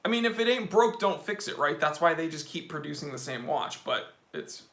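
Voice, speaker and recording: Bright-voiced watch-loving streamer. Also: male voice, on the high side, brisk, echoey room. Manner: opinionated, animated, with fillers. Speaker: watch reviewer, live stream host. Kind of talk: casual live-stream chat.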